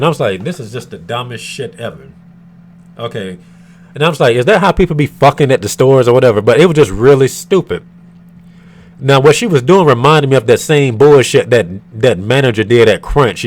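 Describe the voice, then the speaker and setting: A man from the United States vents to his camera in a storytime rant. He talks in an irritated and profane way, rambling and full of fillers. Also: medium pitch. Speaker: vlogger.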